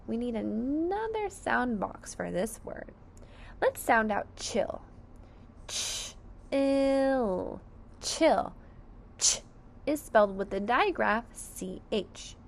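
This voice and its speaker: A woman's voice: fairly high pitch, very animated, takes it slowly, gravelly, a little hiss or hum. A woman teaching a phonics lesson to young children, sounding out each word syllable by syllable with careful enunciation.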